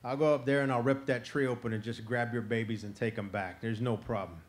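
A man voicing a big, lazy male black bear who talks loud, drowsy and boastful. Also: mid-range voice, steady tone, fairly quick, lightly acted.

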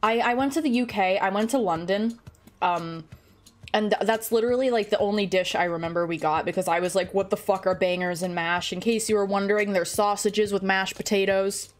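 Speaking a little fast at a medium pitch, this woman rambles through casual gaming stream chat, poking fun at herself. She's at home, right up against a desk mic.

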